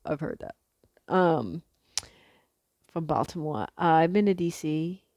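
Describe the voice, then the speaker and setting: Low, gravelly-voiced woman rambling casually. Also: a little slow, darkish tone, dry recording. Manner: chatty, rambling, swears casually, many fillers. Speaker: vlogger. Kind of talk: casual vlog monologue.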